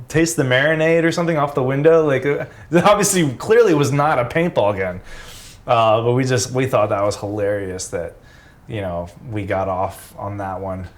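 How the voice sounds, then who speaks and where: A man's voice: medium pitch, normal speed. A man in his forties, a former pro wrestler, casually telling road stories, laid-back and swearing freely.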